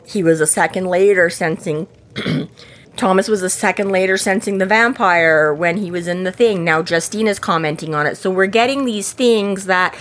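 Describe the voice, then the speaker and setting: A woman's voice: lowish voice, normal speed. A woman co-hosting a podcast, chatting casually about a book, rambling with many fillers and acting out the characters' lines. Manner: animated, acts out characters' lines. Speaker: podcast co-host.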